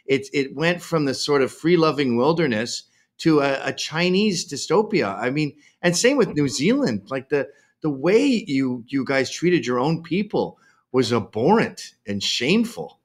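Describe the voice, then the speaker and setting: A man's voice: on the high side, very animated, measured pace. A Canadian man speaking as a podcast guest on a remote call, blunt, provocative and joking in casual conversation.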